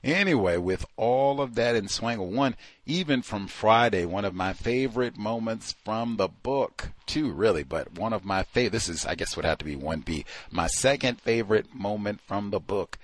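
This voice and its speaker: A man's voice: on the low side, lively intonation, normal speed, few pauses, no echo. A man hosting a call-in show, talking casually and animatedly, acting out the voices of people he quotes. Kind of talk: casual radio talk.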